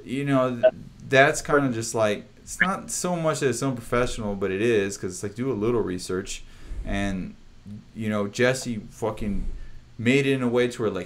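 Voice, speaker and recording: A man's voice: medium pitch, normal speed. A young man hosting a casual livestream chat, laid-back, swearing often, with lots of fillers. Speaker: host, band drummer.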